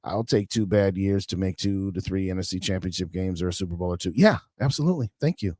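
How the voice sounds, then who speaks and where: A man's voice: low voice, fast talker, dry recording, studio quality. A man hosting a live sports podcast, ranting in an exasperated way about his team and answering viewers' chat. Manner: animated, exasperated ranting with laughs and chat replies. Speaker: podcast host. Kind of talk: livestream sports rant.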